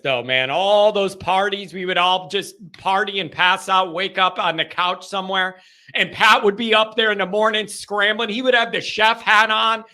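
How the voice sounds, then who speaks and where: Male call-in host in his thirties, high bright voice, rambling jokey rants. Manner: rambling, animated, jokey rants with sudden shouts. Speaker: host of a call-in sports show. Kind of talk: casual chat reading fan comments.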